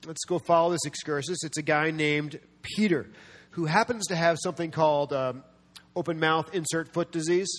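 A man preaching a sermon as a pastor, animated, often acting out the voices of people he quotes, with self-deprecating humor. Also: on the high side, moderate pace. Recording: long reverb of a large hall.

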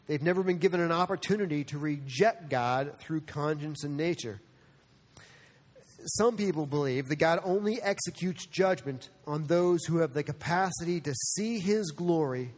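A man preaching a sermon as a pastor, earnest, moving between soft asides and animated stretches. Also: on the high side, normal speed, long reverb tail.

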